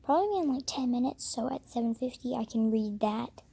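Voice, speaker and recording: A woman's voice: fairly high pitch, lively intonation, brisk, vocal fry, mellow, husky. A teenage girl vlogging at home about finishing a book series, gushing, often whispering and exclaiming "oh my gosh.". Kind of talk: casual vlog. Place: at home, in her bedroom.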